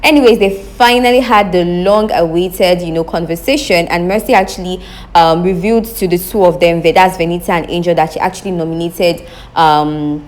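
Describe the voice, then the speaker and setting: Young woman host, slightly low voice, animated and emphatic commentary style, speaks straight to viewers. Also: moderate pace. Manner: animated, emphatic, addresses viewers as guys, repeats questions for effect. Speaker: reality show recap host. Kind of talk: casual opinionated commentary.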